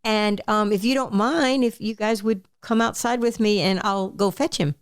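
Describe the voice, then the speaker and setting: A woman talks her way through a tabletop scene, chatty and a little halting, quick to laugh. Her voice is smooth and clear, with a dry, close sound. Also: mid-range voice, fairly even intonation, no room sound. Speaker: player. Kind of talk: in-character tabletop play.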